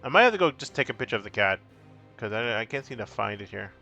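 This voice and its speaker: A man's voice: on the low side, very animated, fast talker, creaky, bright, forceful tone, lo-fi sound, faint music behind. A man streaming a card game, chatting casually with his viewers in a playful, rambling way. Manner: breaks into silly sing-song. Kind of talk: casual live-stream chat.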